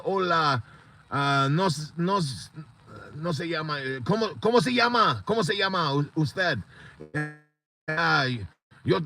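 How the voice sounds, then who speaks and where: A man's voice: fairly high pitch, creaky, sharp tone, breathy edge. A man hosting a support group on a live stream, talking in an earnest, rambling, motivational way.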